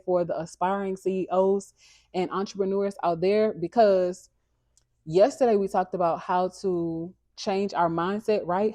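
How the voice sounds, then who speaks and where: A young woman with a fairly low voice hosts a casual, upbeat livestream, offering motivation and regularly checking on viewers. She is also a dog breeder. The recording has no room sound, just soft background music.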